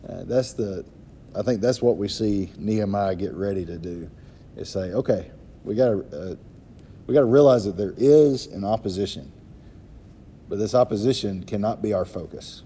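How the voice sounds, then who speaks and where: A man's voice: on the low side, normal speed, mellow, a little hiss or hum. A man talking thoughtfully in a casual group Bible study discussion.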